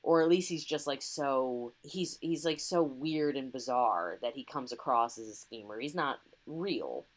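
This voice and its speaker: A woman with a strikingly low voice talks casually on a podcast. She is chatty and laughs easily, often breaking into quick impressions of lines from a film. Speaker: podcast co-host. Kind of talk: casual film-review chat.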